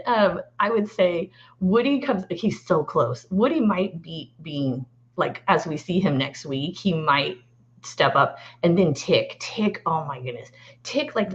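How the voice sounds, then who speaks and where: Animated woman lawyer, lively pitch. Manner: animated, laughs often, excitable. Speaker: guest lawyer. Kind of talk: casual chat. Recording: dull lo-fi sound.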